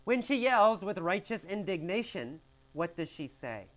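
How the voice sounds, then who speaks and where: A man's voice: sits high, sing-song, a little slow, a bit bright, a little hiss or hum, poor audio. A man teaching English with a question-and-answer story, speaking in an emphatic, exaggerated way.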